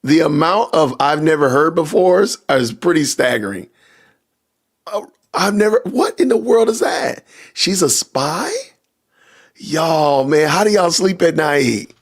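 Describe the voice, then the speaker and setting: Man, livestream host, casual reacting chat, gravelly, husky. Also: a little high, animated, a little slow. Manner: talks to chat with y'all, reacting loudly. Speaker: podcast host.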